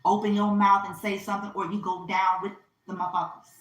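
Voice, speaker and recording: A woman reads for her viewers in a casual vlog rant, swearing often and hammering her points with repetition. Her voice sits at an ordinary pitch. The room around her echoes. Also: flat delivery, fast talker. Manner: profane, emphatic, repetitive. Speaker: spiritual reader. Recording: roomy echo.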